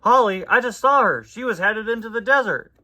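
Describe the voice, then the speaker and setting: A man doing a goofy, high folksy tow truck. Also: animated, a little fast, sharp tone. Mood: excited. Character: goofy good-natured male tow truck.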